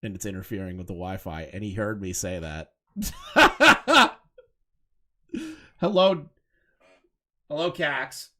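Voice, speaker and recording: A man's voice: low-pitched, expressive, moderate pace. A man doing casual live commentary on clips, talking in a heated, profane and mocking way. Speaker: commentary streamer.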